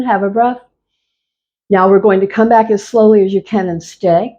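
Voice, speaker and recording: A woman leading a chair yoga class, giving calm, repetitive cues to move slowly and breathe. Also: mid-range voice. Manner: slow, calm, repetitive cueing. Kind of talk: guided exercise class instruction.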